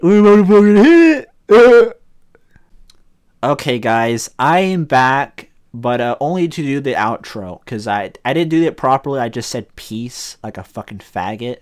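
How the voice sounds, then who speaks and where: Man, podcast host, solo sports chat, halting and rambling with many fillers, casual, swears freely. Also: medium pitch. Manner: casual and profane.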